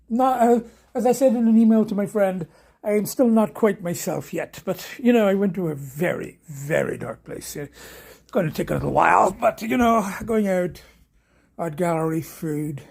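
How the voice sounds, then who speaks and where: A man talking casually to camera in a vlog, halting and trailing off, often dropping to a near whisper. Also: high voice, gravelly, a little mellow, slightly rough. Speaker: vlogger.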